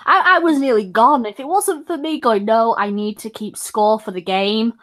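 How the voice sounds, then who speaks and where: A higher-pitched woman chatting casually on a live stream. She rambles, giggles a lot and swears without a second thought. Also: moderate pace, a bit bright. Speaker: stream co-host.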